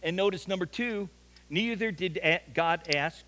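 Pastor guy preaching, high-ish voice, earnest, repeats himself for emphasis, big echoey church hall. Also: measured pace, sharp tone, a little hiss or hum. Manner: earnest storytelling preaching, repeats words when stressing a point. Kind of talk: sermon. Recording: long reverb of a large hall.

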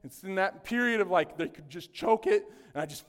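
This pastor's high-pitched voice moves fairly quickly with hardly any pauses as he delivers a chatty, humorous sermon. He often quizzes the congregation, and the hall adds long reverb.

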